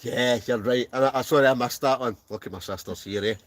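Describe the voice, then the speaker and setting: Scottish host, mid-pitched, playful live-stream banter from a tent. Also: male voice, quick pace, dry recording. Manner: jokey, laughs often, reads names aloud. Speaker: wild camping channel host. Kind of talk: casual live-stream chat reading out comments. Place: inside a heated camping tent.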